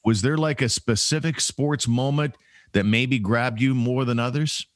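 A man's voice: mid-range voice, a little slow, no echo. A man co-hosting a podcast from his home studio, easygoing and steering the talk between topics. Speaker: podcast co-host. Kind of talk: casual chat.

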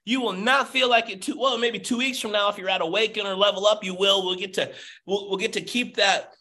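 A man giving a passionate motivational pep talk as a business coach, nearly yelling, over a video call. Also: high voice, fairly even intonation, fairly quick.

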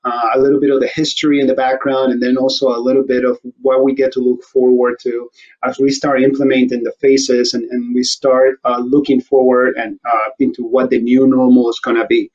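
Brief: male host, mid-pitched voice, rambling jokey banter, slightly muffled recording. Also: level tone, a little fast, darkish tone. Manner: joking, rambling, laughs often. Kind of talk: casual interview chat. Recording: slightly dull audio.

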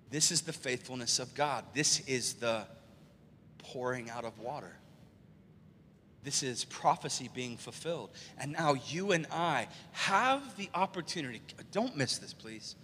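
A man preaching an excitable, animated sermon as pastor in a church sanctuary. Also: on the high side, a little hiss or hum. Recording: long church hall reverb.

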